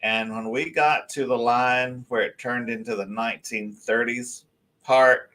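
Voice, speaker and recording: A man, telling a story as a guest on a live talk show, animated and rambling, with many restarts. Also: mid-range voice, measured pace.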